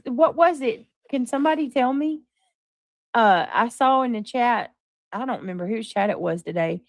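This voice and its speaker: A woman's voice: on the low side, vocal fry, no room sound. A woman hosting a livestream, talking to her chat in an emphatic, defensive way. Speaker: livestream host.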